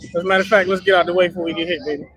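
A man's voice: sits high, steady tone, rapid-fire, a bit bright, a little hiss or hum. Man, casual vlogger, joking, talks to viewers, outdoor phone recording. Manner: joking, talkative, addresses viewers as y'all. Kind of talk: casual family vlog. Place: outdoors at a street festival.

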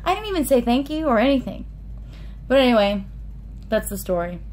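Excited, tipsy young woman vlogger. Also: on the high side, fairly quick, slight background noise. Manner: excited, breathless retelling with many fillers. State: a little tipsy. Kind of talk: casual storytelling to camera.

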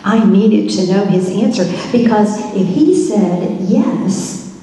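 Woman pastor doing a roman governor's wife, curious, keeps wondering out loud, slow and mellow, big echoey church. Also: mid-range voice. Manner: storytelling with many wondering rhetorical questions. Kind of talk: first-person dramatic monologue in a church service. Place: church sanctuary.

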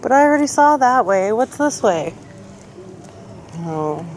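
Woman vlogger outside, kinda high voice, slow easy chatter, coaxing the animals. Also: sing-song, darkish tone, a little hiss or hum, poor audio. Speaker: travel vlogger. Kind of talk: casual vlog narration. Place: outdoors in a cemetery.

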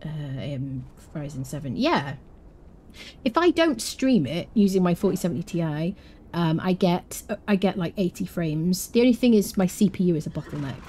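A woman's voice: fairly low pitch, big pitch swings, moderate pace, dark tone. A woman streaming a game live, chatting loosely and answering her chat as she plays.

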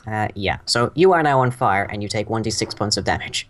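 A man's voice: on the low side, expressive, fairly quick, a bit bright. Guy game-mastering a tabletop game, lots of uhs and ums, hesitant.

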